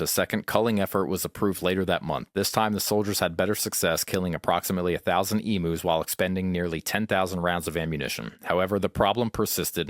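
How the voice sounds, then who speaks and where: Low-voiced man reading history plainly. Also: dry recording, clean studio sound. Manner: reads script in even measured delivery. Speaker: podcast co-host. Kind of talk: reading history aloud, then casual banter.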